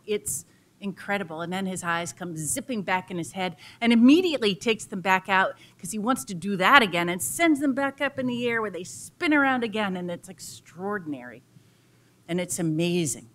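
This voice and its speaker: A woman giving a public lecture who tells a folk tale in an expressive, dramatic way. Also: on the low side.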